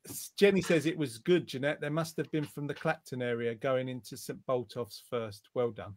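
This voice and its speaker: A man's voice: mid-range voice, fairly even intonation, normal speed, a little mellow, a little hiss or hum. A man hosting a casual online show, joking and teasing while reading out viewer comments over a video call. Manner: teasing, jokey.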